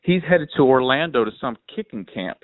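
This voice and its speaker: A man hosting a casual sports podcast, telling stories in an animated, filler-heavy way. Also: mid-range voice, fairly quick, no room sound. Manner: animated storyteller, lots of fillers. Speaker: podcast host. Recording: dry phone-like line.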